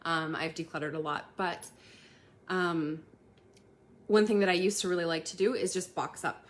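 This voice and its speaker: Chatty, laughing woman with a low voice. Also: steady tone, moderate pace. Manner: chatty, laughs often, many ums and restarts. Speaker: community host giving tips. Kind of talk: casual live-stream talk to viewers.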